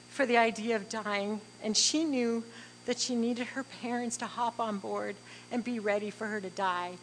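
A middle-aged woman, telling a heartfelt personal story in a halting, earnest way with frequent fillers. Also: on the high side, fairly even intonation, a little hiss or hum, rough recording. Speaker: interviewee.

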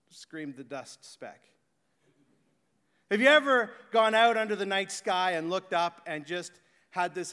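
A man delivers a sermon in a high, bright voice that carries a long reverb through a large church hall. He moves between eager, animated talk and quiet, slowed-down reverence. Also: clean tone. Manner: swings from excited, animated talk to hushed, slow reverent delivery. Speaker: pastor.

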